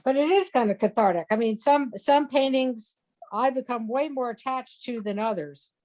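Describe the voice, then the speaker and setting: A woman hosting a casual interview, speaking softly and haltingly with many pauses and restarts. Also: on the high side. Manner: halting, many fillers and restarts, soft-spoken.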